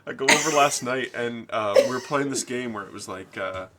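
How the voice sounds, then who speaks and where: A man's voice: medium pitch, a little fast, very noisy. A young man co-hosting a podcast in casual chat, blunt and casually swearing, laughing along. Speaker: podcast co-host.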